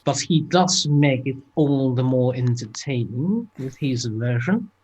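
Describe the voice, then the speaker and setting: A man's voice: medium pitch, lively intonation, a little slow, darkish tone, breathy edge, dull audio. A man voicing a formal, dry-witted traveling companion. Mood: wry.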